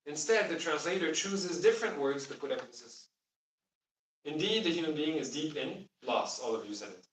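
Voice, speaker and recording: A man's voice: a little high, sing-song, moderate pace, a little hiss or hum. A man teaching a class on the Arabic of the Quran, explaining patiently and asking the students questions. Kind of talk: classroom lesson. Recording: roomy sound from far off.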